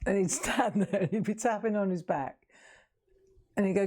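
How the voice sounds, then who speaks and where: A woman's voice: medium pitch, normal speed, background noise. A woman hosting a live colouring demonstration, chatting, laughing often and making self-mocking asides. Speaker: craft show host.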